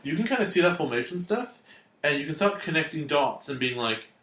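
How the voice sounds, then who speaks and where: Opinionated podcast co-host, lively pitch, roomy. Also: a little fast. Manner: opinionated, critical commentary. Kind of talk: casual chat.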